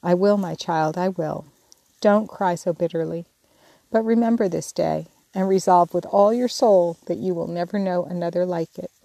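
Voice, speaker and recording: A woman's voice: lowish voice, normal speed, creaky, warm tone, no room sound. A woman reading the part of a patient middle-aged mother, soothing and tender.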